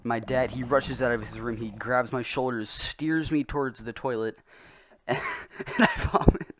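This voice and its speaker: A man's voice: mid-range voice, steady tone, normal speed, dry recording. A young man telling a story in a casual, rambling, self-mocking way, often laughing as he goes. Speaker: vlogger.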